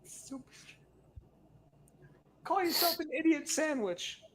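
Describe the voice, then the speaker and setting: A man puts on a hot-tempered celebrity chef, yelling in a voice pitched far above his own. The lines stretch out slowly and mockingly. Each one lands as a shouted complaint. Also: animated, full character voice. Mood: mock outrage.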